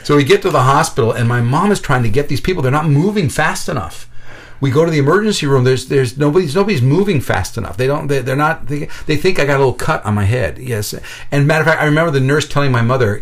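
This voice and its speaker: A man with a mid-range voice tells a personal story in casual conversation at a quick pace. He's lively and animated, acting out the voices of the people involved and restarting often.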